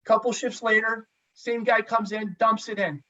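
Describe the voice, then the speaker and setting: A man's voice: high voice, moderate pace. Profane man telling a story. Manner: animated, profane, acts out dialogue. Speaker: podcast guest, former hockey goalie. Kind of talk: casual storytelling. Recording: slightly distant, dull lo-fi sound.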